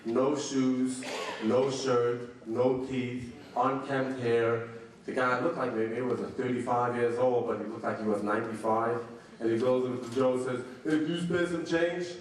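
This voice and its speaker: A man's voice: mid-range voice, flat delivery, moderate pace. A man telling jokes as long stories at a banquet, insisting each one is true. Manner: plain-spoken, insisting each tale is true. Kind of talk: storytelling jokes. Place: large banquet hall. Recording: echoey hall from far off.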